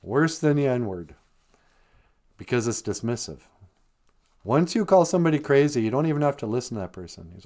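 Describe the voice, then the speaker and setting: A podcast host with a darkish, mid-range voice muses aloud on a casual show teaching language words, repeating them so listeners can learn. He's very animated and brisk but leaves long pauses.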